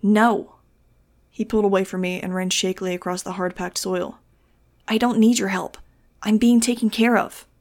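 A woman's voice: fairly low pitch, flat delivery, moderate pace, natural voice. A woman reading as a dazed fanatical teen boy. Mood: shouting. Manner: dreamy, earnest, then shouting. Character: dazed teenage boy, fanatical cult follower.

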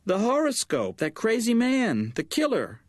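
A woman's voice: a little high, huge pitch swings, measured pace, dry recording, voice pushed up, full character voice. A fussy, worried middle-aged mother frets and pleads in a raised, anxious voice, as a male narrator puts her on. The audiobook recording is dry and close. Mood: fretful. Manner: fretful, pleading, easily tearful.

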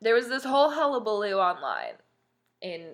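A woman's voice: mid-range voice, very animated, normal speed. A young woman co-hosting a podcast in casual chat, chatty with lots of fillers and frequent laughs. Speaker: podcast co-host.

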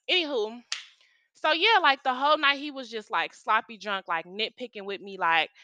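A young woman with a slightly high, bright, forceful voice tells a story in a casual vlog, packed with slang and swearing. Her delivery is smooth, and the recording has no room sound.

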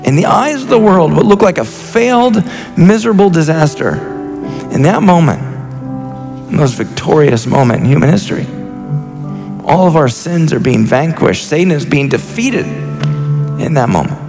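A man's voice: on the high side, lively intonation, moderate pace, creaky, pauses often. A man in his thirties preaching a sermon as a senior pastor, earnest and impassioned, often restarting his sentences. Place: church sanctuary. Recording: reverberant church hall with faint music.

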